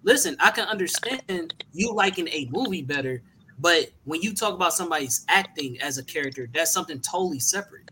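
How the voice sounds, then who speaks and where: A blunt man arguing his point quickly. His voice is bright and fairly high, his pitch moves a lot, and faint background noise is under it. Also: animated, low-quality recording. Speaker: podcast panelist. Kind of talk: casual roundtable chat.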